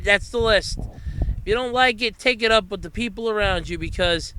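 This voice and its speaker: A man with a very high, piercingly bright voice hosts a solo podcast. He is still winded and breathing hard, talking in loose, rambling bursts. He sounds tense and sharp throughout. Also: smooth. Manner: rapid countdown shouting, then winded rambling. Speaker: podcast host.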